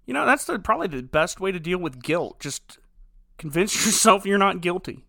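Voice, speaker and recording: A man hosting a podcast in casual chat, animated and incredulous, laughing often. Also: high-pitched, moderate pace, creaky, dry recording, studio quality. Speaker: podcast host.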